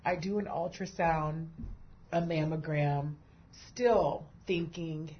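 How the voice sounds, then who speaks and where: A woman's voice: deep voice, fairly even intonation, takes it slowly, breathy edge, highs cut off. A woman host and breast cancer survivor who tells her own story, laughing and tearing up easily. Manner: emotional, laughs and cries easily. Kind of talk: emotional conversation.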